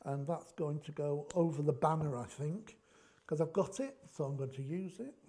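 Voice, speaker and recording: A man with a notably high voice walks through a craft project in a loose, chatty tutorial. He jokes, rambles and works out ideas aloud as he goes. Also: normal speed, warm tone. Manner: jokey, rambling, thinks aloud. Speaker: craft demonstration host.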